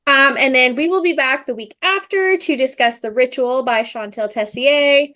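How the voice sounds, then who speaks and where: A woman's voice: sits high, normal speed, pushed and bright. A young woman co-hosting a casual book podcast, blunt and swearing freely. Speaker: podcast co-host.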